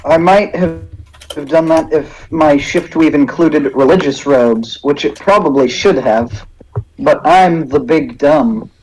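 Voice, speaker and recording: A man's voice: on the high side, takes it slowly, a little mellow, slight background noise, poor audio. A man playing a tabletop game, making a self-mocking remark. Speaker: player.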